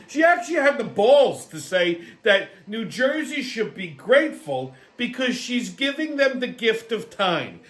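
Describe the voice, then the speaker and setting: New guy ranting and cussing, highish voice that jumps all over. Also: a bit bright. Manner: profane, combative, repeats "okay?". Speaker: host. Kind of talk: ranting commentary.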